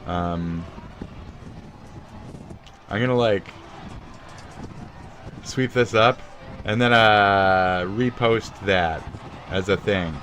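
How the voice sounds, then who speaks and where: A man with a deep, low voice rants into his phone mic. He rambles and swears nonstop, piling sarcasm into loose, profane commentary. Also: extremely slow, long pauses, fairly bright tone, a little hiss or hum. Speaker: streamer commenting on another streamer. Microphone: phone recording.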